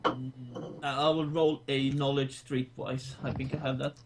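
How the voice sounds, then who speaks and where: A man's voice: mid-range voice, level tone, a little slow, slight background noise, poor audio. A man playing a tabletop game, reacting casually to the game master and calling his rolls. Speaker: player.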